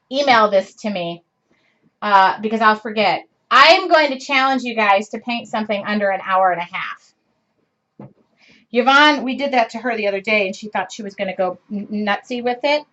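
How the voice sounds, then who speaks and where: A woman's voice: a little high, a bit bright. Chatty woman hosting a painting livestream. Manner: chatty, rambling, self-joking. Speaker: art livestream host. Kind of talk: casual chat while painting. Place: home art studio. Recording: dull lo-fi livestream audio.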